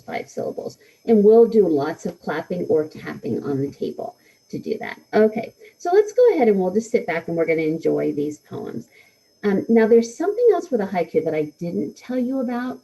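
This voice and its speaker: A woman with a fairly low, dark voice and vocal fry leads a live read-aloud lesson for schoolchildren on a rough recording. She encourages the class and responds to their comments with frequent ums.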